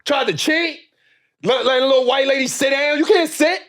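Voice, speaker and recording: A man hosting a podcast, talking in a casual comedic chat with animated, profane, joking rants. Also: very high voice, moderate pace. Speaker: podcast host.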